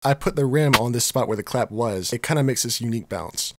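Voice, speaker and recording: A man's voice: medium pitch, lively intonation, brisk, very noisy. A man casually explaining how he builds a beat, in a laid-back way with lots of fillers and slang. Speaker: beat-making tutorial host. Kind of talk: casual screen-recorded tutorial. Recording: music playing clearly behind voice. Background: beat music.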